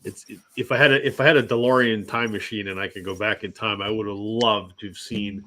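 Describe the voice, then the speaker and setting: Low-voiced eager man, faint hiss. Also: steady tone, a little fast, sharp tone. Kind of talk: casual chat.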